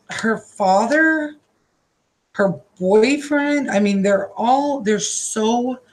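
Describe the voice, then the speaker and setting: A woman doing a live-streamed psychic reading from her own room. She talks haltingly and emotionally and repeats herself often. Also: medium pitch. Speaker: psychic card reader.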